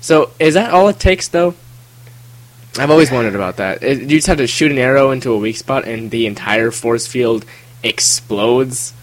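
A man's voice: mid-range voice, normal speed, rough recording. A man co-hosting a casual book discussion, asking questions and thinking aloud. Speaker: podcast co-host.

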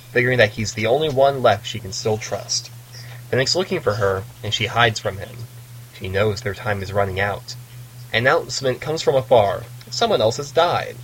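A man's voice: medium pitch, a bit bright, slight background noise, poor audio. A man co-hosting a casual book discussion, recapping the plot with playful asides. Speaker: podcast co-host recapping a novel.

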